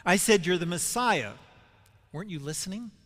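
A man's voice: sits high, expressive, normal speed, fairly bright tone, voice pushed up. A man voicing an impassioned male disciple who protests insistently, with rising emphasis, in a reverberant hall. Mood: protesting.

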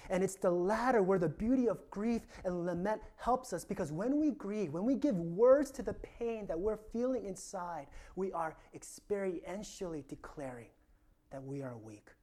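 A male pastor delivers a sermon with an earnest, reflective manner. His voice is mellow and warm, rising for emphasis and then sinking to a soft, near-whispered hush as phrases close. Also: high voice, expressive, moderate pace.

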